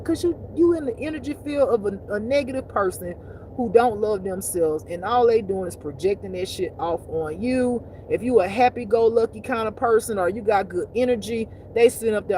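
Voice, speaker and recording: A woman's voice: on the high side, brisk, darkish tone, a little hiss or hum. A woman giving blunt, profane, emphatic spiritual life advice in a casual talk.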